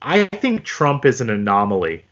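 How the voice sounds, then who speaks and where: A man's voice: on the low side, huge pitch swings, normal speed, fairly bright tone. A man co-hosting a podcast in casual chat, rambling and leaning heavily on filler words. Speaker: podcast co-host. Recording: slightly dull lo-fi audio.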